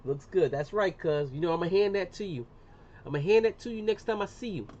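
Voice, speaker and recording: A man's voice: lively intonation, fairly quick, a little mellow. Chatty slangy man livestreaming, muffled sound. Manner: chatty, slangy, says "boom" often. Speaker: livestreamer doing laser engraving. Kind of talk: casual live-stream demonstration. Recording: muffled lo-fi sound with faint room noise.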